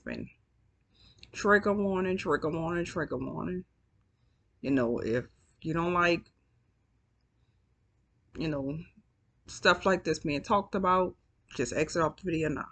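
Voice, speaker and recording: A woman's voice: on the low side, lively intonation, unhurried, pauses often, fairly bright tone. A woman telling a story to her viewers in a chatty, profane, casual way, yawning as she goes. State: yawning, sleepy. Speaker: storytime vlogger.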